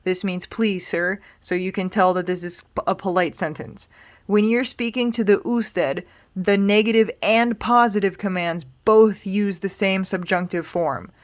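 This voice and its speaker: A woman teaching Spanish grammar in a relaxed, explanatory way, patient and reassuring, thinking aloud with small fillers. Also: mid-range voice, measured pace. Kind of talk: casual explanatory lesson.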